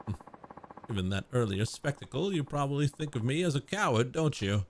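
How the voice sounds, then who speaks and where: A man voicing a haughty, self-important would-be nobleman of thirty-five while reading game dialogue aloud, in a grandiloquent, drawn-out theatrical delivery. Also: medium pitch, sing-song.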